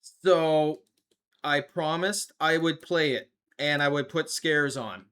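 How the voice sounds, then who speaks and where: A man's voice: on the high side, slow pace, fairly bright tone, clean tone. A man hosting a live stream, chatting casually with his viewers and laughing often at a desk microphone. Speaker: livestream host.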